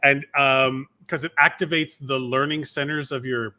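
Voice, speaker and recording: Bright-voiced rambling man. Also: medium pitch, fairly even intonation, normal speed. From Miami, USA. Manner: rambling, lots of fillers and restarts. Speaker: podcast co-host. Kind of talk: casual chat.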